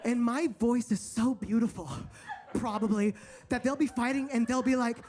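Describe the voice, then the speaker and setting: A man's voice: very high voice, normal speed, a little mellow. A male stand-up comedian telling a story in a campy, flamboyant way, chatting straight to the crowd. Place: comedy stage.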